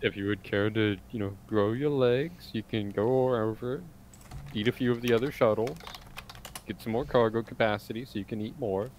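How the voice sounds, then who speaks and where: A man plays in a tabletop game and talks in an unhurried, playful drawl. His voice sits a little low, with a faint hiss behind it. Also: a little mellow. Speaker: player. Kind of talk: casual tabletop play.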